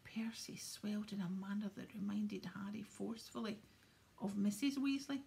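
A woman reading a children's novel aloud in a soft, hushed whisper. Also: medium pitch, steady tone, normal speed, vocal fry, slight background noise. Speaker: audiobook reader.

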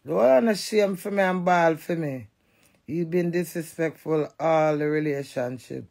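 Woman, Jamaican accent, defiant cussing rant, gravelly texture, vlog monologue. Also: low voice, normal speed, a little mellow. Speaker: vlogger. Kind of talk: ranting monologue to camera.

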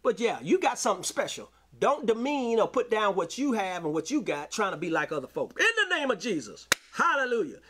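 Male preacher, high voice, AAVE, sermon delivery with call-outs. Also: big pitch swings, a little fast, few pauses, a little hiss or hum. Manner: preaching with call-outs and scripture reading, rising to shouts. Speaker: pastor.

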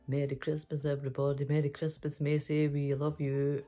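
A woman, hosting a bedtime story and signing off in a soft, affectionate, sing-song way. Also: low-pitched, flat delivery, normal speed, faint music behind. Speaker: storyteller and channel host. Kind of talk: cosy bedtime story sign-off.

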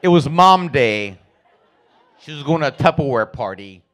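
A man performing stand-up in a comedy club, swearing freely and jumping into impressions of his family. His voice is bright and sharp, slightly high for a man, and it swings widely in pitch as he tells the story. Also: normal speed, a faint crowd. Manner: profane, animated, acting out family members.

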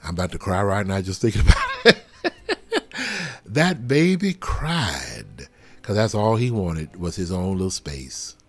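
A man leading a live prophetic prayer over a livestream, fervent and swinging from soft murmurs to loud exclamations. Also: low voice, big pitch swings, a little slow, husky. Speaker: pastor. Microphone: livestream webcam.

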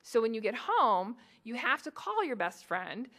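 This is a fairly high-voiced woman from the Boston area, lecturing on adolescent psychology. She jokes easily and teases the audience directly, with plenty of "um" between points. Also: normal speed. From New England, Boston area. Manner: lively, joking, addresses the audience directly. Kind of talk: public lecture to adults.

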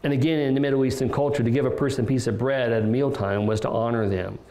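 A man's voice: medium pitch, fairly even intonation, fast, warm tone, echoey room. A male pastor preaching an expository sermon in a conversational way, with restarts and rhetorical questions. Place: church sanctuary.

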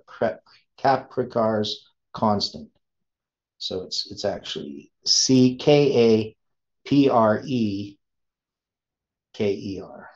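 A man giving an informal study lesson, thinking aloud with many pauses and restarts. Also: fairly low pitch. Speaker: teacher. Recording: dull lo-fi sound.

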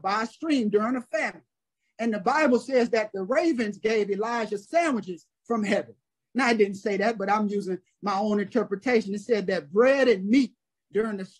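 A man's voice: very high voice, breathy edge. A man preaching a sermon on a prayer call, telling a story and repeating phrases for emphasis.

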